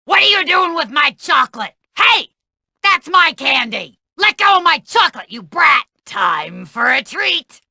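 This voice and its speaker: A cranky old school cook, all gravel and grumbles, with a high, bright and very sharp edge. She barks at kids in a coarse, crude game voice, dragging her words slowly, recorded dry and close. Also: big pitch swings, dry recording, exaggerated voice. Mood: angry. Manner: coarse, grouchy, yelling at kids. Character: grumpy, crude older woman school cook.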